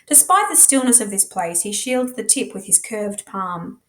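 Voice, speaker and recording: A woman with an Australian accent, a teacher reading a novel aloud with dramatic, expressive narration. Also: mid-range voice, normal speed. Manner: dramatic, shifts voice and pace for characters.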